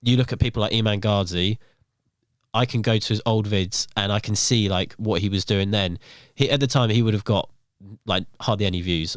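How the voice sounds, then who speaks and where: Young man, low smooth voice, casual podcast chat, rambling with fillers, dry close sound. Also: dry recording. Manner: rambling, filler-heavy storytelling. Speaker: podcast guest, YouTuber.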